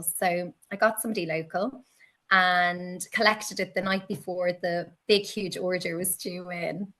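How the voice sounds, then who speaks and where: A woman being interviewed, telling stories in a lively way and acting out her own past reactions. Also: unhurried. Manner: animated, acts out her past self in high exclaims. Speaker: guest, teacher and candle maker. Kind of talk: conversational interview storytelling.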